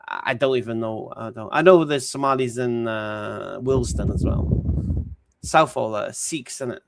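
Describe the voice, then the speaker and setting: A man hosting a casual livestream, answering viewer questions in a relaxed, hesitant way with many ums and restarts. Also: medium pitch, vocal fry. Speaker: livestream host. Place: home streaming setup. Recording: steady background noise.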